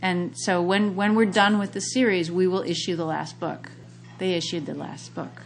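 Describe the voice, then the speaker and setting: A woman with a slightly low voice hosts a casual book chat. She talks eagerly, piling up details as she tells the story. Her tone stays loose and friendly. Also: fairly even intonation, normal speed, gravelly. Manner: enthusiastic, chatty storytelling. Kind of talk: casual chat about books.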